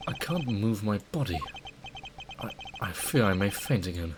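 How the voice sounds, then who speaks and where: A man voicing a proud, formal young prosecutor, measured and dignified, slightly lower than his usual voice. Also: expressive, background noise, natural voice. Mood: uneasy. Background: game music.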